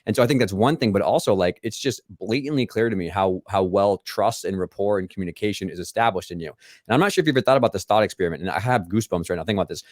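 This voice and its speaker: Fast-talking, enthusiastic male podcast host. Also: on the low side, a little mellow, no room sound, clean studio sound. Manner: enthusiastic, rapid, long run-on thoughts. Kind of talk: casual conversational interview.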